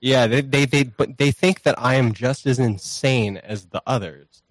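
A man's voice: mid-range voice, unhurried, dry recording. A man talking as a podcast guest in a loose, rambling, profane and self-deprecating way, recorded on a home streaming mic. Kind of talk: casual chat.

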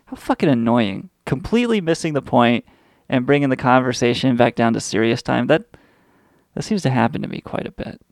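Male radio host, sarcastic profane rant, gravelly voice, dry close mic. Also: mid-range voice, expressive, a little fast, dry recording. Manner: crude, sarcastic rant with frequent swearing. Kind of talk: profane comedic monologue.

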